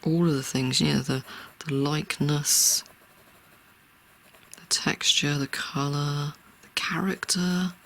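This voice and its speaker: Soft-spoken, half-whispering art tutor with vocal fry. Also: medium pitch, steady tone, slow pace. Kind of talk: real-time drawing tutorial talk.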